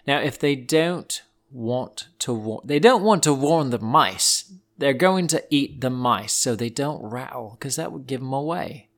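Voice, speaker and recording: A man hosting a children's podcast, telling silly animal facts in a playful, animated way and wandering off on tangents. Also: mid-range voice, a little slow. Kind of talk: playful storytelling for kids.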